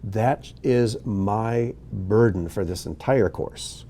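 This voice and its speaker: A man's voice: lowish voice, mellow, a little hiss or hum. A man from Ohio teaching a recorded Hebrew lesson, patiently explaining and correcting himself as he goes. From Ohio, USA. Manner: patient, slow and explanatory, with self-corrections and asides.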